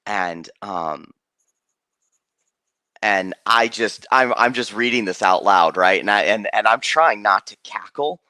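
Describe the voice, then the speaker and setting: A man's voice: lowish voice, lively intonation, slow pace, bright, forceful tone, no room sound. A man who runs tabletop games, telling a story in casual stream chat, rambling with many restarts and fillers. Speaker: game master.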